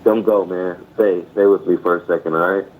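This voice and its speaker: A man calling in to a live stream, giggling and excitable. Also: sits low, brisk, narrow, tinny audio, a little hiss or hum. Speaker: caller.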